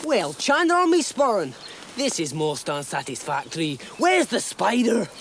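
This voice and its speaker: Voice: medium pitch, huge pitch swings, normal speed, a little hiss or hum. A performer voicing a blustering Scottish king with a put-on Scottish accent, bombastic and easily flustered. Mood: pompous.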